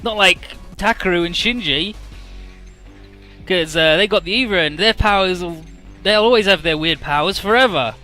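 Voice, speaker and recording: A man's voice: high voice, moderate pace, pushed and bright, soft background music, voice pushed up. A man voicing a scared, self-pitying young male pilot in a game recap, with a raised, profane, defensive tone.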